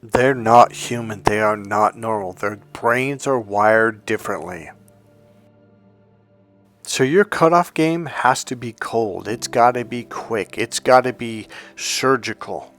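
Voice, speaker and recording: Blunt, profane man at a middle pitch, coaching in vlog style, soft music underneath. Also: slow pace. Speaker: relationship and healing coach. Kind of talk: motivational vlog monologue.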